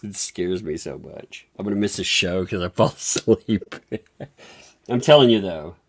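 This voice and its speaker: A woman with a rumbling low voice hosts a live stream at a measured pace. Her gossip commentary is casual, amused and mocking, and she laughs often.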